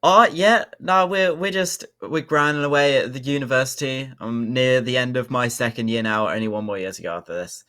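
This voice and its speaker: A man's voice: mid-range voice, fairly even intonation, brisk, hardly any pauses, fairly bright tone. A young man, co-hosting a podcast in a chatty, upbeat way with lots of fillers. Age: young adult. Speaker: podcast co-host. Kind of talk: casual podcast chat.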